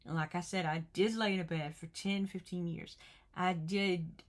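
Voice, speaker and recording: A woman's voice: fairly low pitch, fairly even intonation, moderate pace. A middle-aged woman, giving an earnest, chatty motivational talk to the camera and repeating her phrases. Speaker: vlogger.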